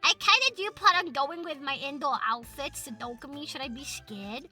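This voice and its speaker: A young British woman streaming as a VTuber, chatting casually to her chat, excitable and swearing a lot with loud outbursts. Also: sits high, a little fast, few pauses, faint music behind.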